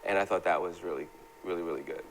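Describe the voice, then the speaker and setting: A man's voice: deep voice, fairly even intonation, quick pace, a little hiss or hum. A man hosting a casual fan talk show, upbeat and conversational. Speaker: host. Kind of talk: casual chat.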